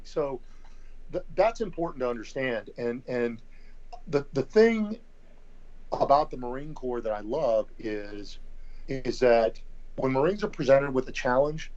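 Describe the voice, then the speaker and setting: A middle-aged man, a guest on a podcast, explaining things deliberately and repeating words as he thinks. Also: medium pitch, darkish tone. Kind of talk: casual conversation. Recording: slightly dull lo-fi audio.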